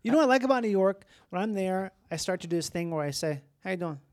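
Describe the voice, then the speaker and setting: A podcast host from Los Angeles, chatting casually in an excitable, rambling way. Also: medium pitch, fast talker. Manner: rambling, excitable, lots of fillers. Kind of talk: casual chat.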